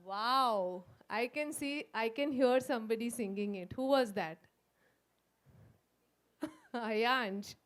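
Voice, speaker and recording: A woman with an Indian English accent leading a phonics workshop for teachers, slowly sounding out letters in a coaxing, sing-song way. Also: fairly high pitch. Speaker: teacher trainer. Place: school workshop room.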